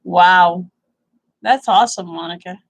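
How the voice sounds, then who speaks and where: A woman's voice: on the low side, measured pace, gravelly, rough recording. An older woman, sleepy and yawning, chatting casually on a livestream and answering viewers' comments. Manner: drawling, chatty, reads viewer comments aloud. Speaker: livestream host.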